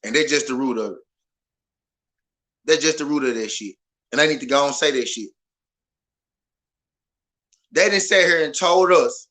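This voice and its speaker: Loud, ranting man with a bright, high voice. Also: moderate pace, long pauses. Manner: loud, passionate, profane, repetitive. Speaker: boxing podcast host. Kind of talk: animated ranting commentary.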